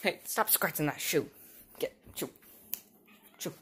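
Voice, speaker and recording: A woman chatting playfully to her cats while filming them on a phone, teasing them with sudden high squeals. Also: lively intonation, slow, a bit bright, slightly rough. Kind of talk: casual chat to pets. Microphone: handheld phone.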